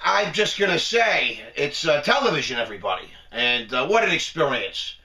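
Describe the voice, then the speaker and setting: A man's voice: on the high side, very animated, moderate pace, sharp tone, far from the mic. Boastful joking man, echoey studio. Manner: boastful, joking, laughs at his own lines. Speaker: online show host. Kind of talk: casual monologue to camera. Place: television studio.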